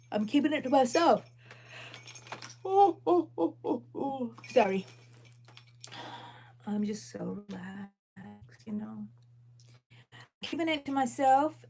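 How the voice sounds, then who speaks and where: A middle-aged woman, chatting casually on a livestream as she crochets, relaxed and rambling between chores, her dogs and counting stitches. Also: medium pitch, slight background noise.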